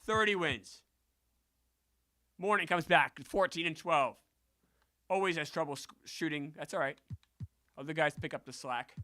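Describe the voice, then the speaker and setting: A man streaming a basketball video game, chatting and bursting into loud yelled celebrations, sometimes out of breath. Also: fairly high pitch, steady tone, moderate pace, dry recording. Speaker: gaming streamer. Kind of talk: excitable gameplay commentary.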